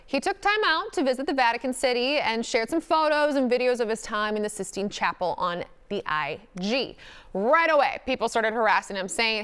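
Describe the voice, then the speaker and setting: Female co-host, high voice, playful and giggly, casual news banter. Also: expressive, normal speed, a bit bright, smooth. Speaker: talk show co-host. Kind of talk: casual entertainment news chat.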